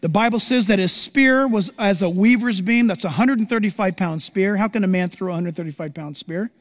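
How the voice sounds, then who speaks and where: A male pastor with a high-pitched voice preaches at a brisk pace, and his words trail off into a long reverb. He tells stories with animated drama and acts out the quotes himself.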